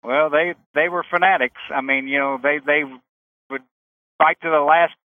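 A man's voice: fairly high pitch, fairly even intonation, moderate pace, no echo. A man calling in to a radio talk show, blunt and opinionated, heard over a phone line. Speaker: caller.

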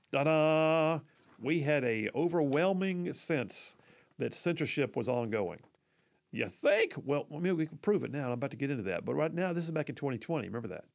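Gravelly, folksy talk radio host. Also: male voice, medium pitch. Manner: folksy, emphatic, sarcastic asides. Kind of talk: conservative talk radio monologue.

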